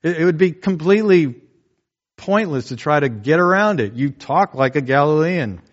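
A pastor preaching a sermon in a conversational way, often asking "right?" and acting out quotes. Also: male voice, on the high side, animated, normal speed, lo-fi sound.

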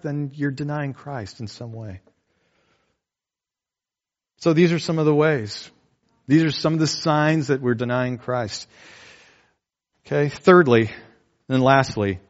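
A man preaching to a congregation in an easy, conversational manner. He keeps checking in with "right?" and sometimes acts out the people he quotes. The recording sounds a bit dull and lo-fi, and his pitch sits in an ordinary middle range. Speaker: pastor. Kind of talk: sermon.

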